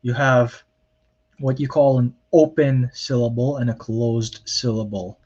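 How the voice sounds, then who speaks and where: A man lectures on grammar at a slow, unhurried pace. He explains plainly and corrects himself often, with frequent ums. The recording sounds dull and lo-fi. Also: mid-range voice, steady tone, darkish tone, breathy edge. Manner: plain explanatory, many fillers and self-corrections. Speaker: Hebrew lecturer.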